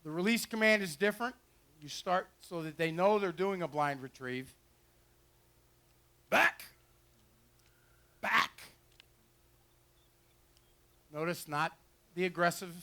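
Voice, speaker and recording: A man's voice: sits high, normal speed, a bit bright. A man giving joking, folksy commentary as he demonstrates retriever dogs outdoors on a fairground mic. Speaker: dog trainer and show host. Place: outdoor fair pond with dock. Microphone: handheld or headset mic.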